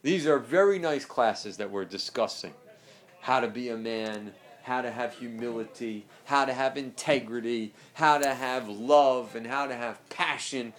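A man's voice: mid-range voice, unhurried. A male teacher lecturing a religious class. He speaks with emphasis and leans on repetition, circling back to drive each point home. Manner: emphatic, repeats key phrases.

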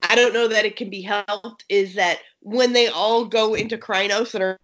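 A woman's voice: medium pitch, fairly even intonation. Woman, casual chat, breathless from illness, rambling, muffled audio. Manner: rapid, rambling, lots of restarts and fillers. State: out of breath from being sick. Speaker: podcast co-host reviewing a game book.

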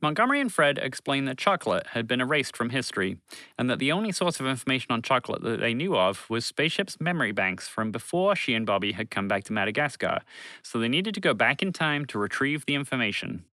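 A man narrating a children's story in an expressive, warm reading voice. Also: medium pitch, quick pace, no room sound.

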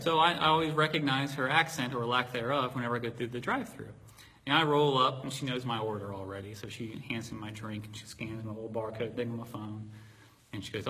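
A male preacher from Virginia talks his congregation through a sermon, joking and telling stories. His tone is bright and slightly husky. The recording carries the long reverb of a big church hall. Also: mid-range voice, steady tone, brisk. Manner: conversational, jokey storytelling.

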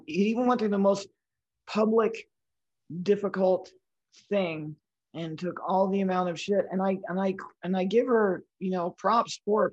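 A woman with a breathy, weak voice, talking frankly as a guest in a casual interview. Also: fairly low pitch, darkish tone, dull audio. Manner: frank, talks in restarts and lists. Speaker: comedian guest.

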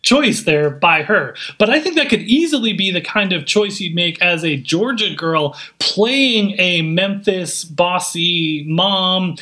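A man co-hosting a podcast, taking up the counterargument in a measured, polite way during a casual debate. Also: sits high, lively intonation, sharp tone. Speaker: podcast co-host.

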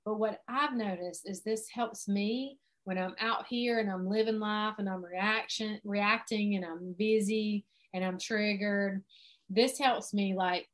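A middle-aged woman with a drawl talks straight to her listener as a life coach. Her voice sits at an ordinary middle pitch, and her delivery is earnest and informal, with plenty of conversational fillers. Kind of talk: informal teaching monologue.

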